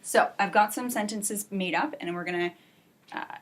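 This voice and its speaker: Woman teaching an adult English class. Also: medium pitch. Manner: clear, encouraging, slow modeled example sentences. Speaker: ESL teacher.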